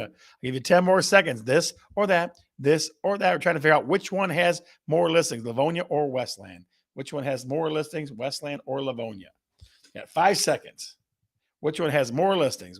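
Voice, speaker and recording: A man's voice: on the high side, gravelly. A man hosting a live real estate show, energetically repeating questions and reading out viewer guesses. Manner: energetic, repetitive, reads viewer guesses aloud. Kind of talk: live-stream call-and-response game with viewers.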